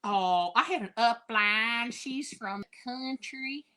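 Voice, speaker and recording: A woman co-host throwing in fast, sarcastic jabs during a casual chat. Her voice is high and bright, with a sharp edge. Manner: sarcastic, quick quips. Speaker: podcast co-host.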